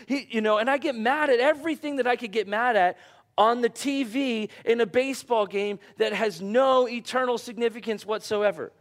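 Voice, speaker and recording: A middle-aged man preaching a conversational sermon, growing animated as he tells personal stories. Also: very high-pitched, normal speed. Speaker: pastor.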